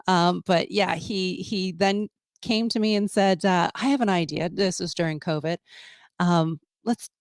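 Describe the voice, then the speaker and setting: A woman's voice: fairly low pitch, unhurried, dry recording. A woman guesting on a podcast, talking casually and hesitantly with many fillers and easy laughs.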